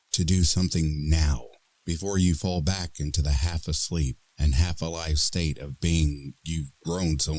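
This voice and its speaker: A man narrating a horror story in a dramatic, expressive reading style. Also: very deep voice.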